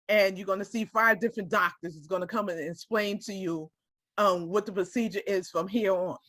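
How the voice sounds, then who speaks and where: In a dry, clean studio recording, a woman with a medium-pitched, fairly bright voice tells a personal story to a small group. She speaks directly and with emotion, frequently checking that her listeners are following along.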